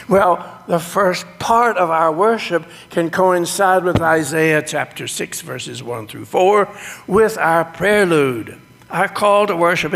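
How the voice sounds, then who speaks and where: A man, a pastor teaching his congregation about worship in a sermon, animated with folksy exclamations, in a church sanctuary. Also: high-pitched, vocal fry. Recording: echoey sanctuary reverb.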